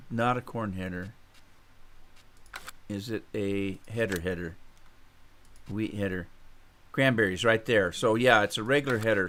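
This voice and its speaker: Guy live streaming a farm game, chatting to viewers, lots of uhs, hum in the background. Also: lowish voice. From Pacific Northwest of the United States. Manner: rambling, talks to chat viewers by name, many fillers. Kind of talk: casual live stream chat over gameplay.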